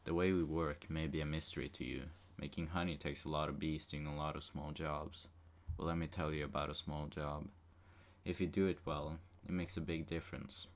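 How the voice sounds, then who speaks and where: An earnest hero bee gives his big rallying speech, as a man reads him out, in an extremely deep voice. There is no lift or fall at all, just one flat monotone line after another. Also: moderate pace. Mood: deadpan.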